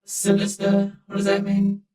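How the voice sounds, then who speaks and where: A man's voice: high-pitched, unhurried, roomy sound, faint music behind, voice pushed up, rough recording. A man speaking through a voice changer that turns him into a robotic, female-sounding AI voice. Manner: monotone robotic delivery.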